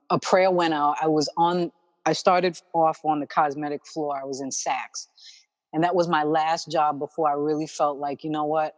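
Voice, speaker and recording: A woman with a New York accent speaks in a low voice, with a long reverb hanging on her words. She tells her story warmly and chattily as a podcast guest. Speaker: guest, makeup artist. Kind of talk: casual storytelling interview.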